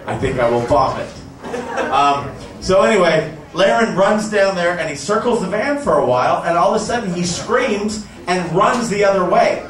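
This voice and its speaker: Profane comedian in an echoey club. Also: male voice, high-pitched, normal speed. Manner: profane, animated storytelling with shouted quotes. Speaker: stand-up comedian. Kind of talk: stand-up comedy storytelling. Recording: echoey club audio from far off.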